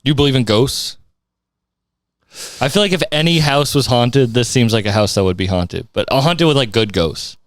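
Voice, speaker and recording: A man hosting a podcast chats in a loose, jokey way and laughs through his own stories. His voice is smooth and clear at an ordinary pitch. The sound is dry and close to the mic. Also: moderate pace, dry recording. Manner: laughs often, jokey and crude. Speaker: podcast host. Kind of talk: casual interview chat.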